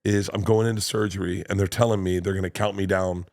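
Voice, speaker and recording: A comedian guest telling stories in casual podcast talk, animated, acting out quotes and swearing freely. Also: male voice, low-pitched, quick pace.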